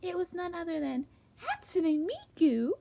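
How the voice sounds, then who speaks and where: A woman reads comedic fanfic aloud in a hushed, half-whispered voice. Her voice is high but gravelly, with a dark, mellow tone. She jumps suddenly in pitch between stretches of low murmuring. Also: very animated, measured pace, a little hiss or hum. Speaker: fanfic reader.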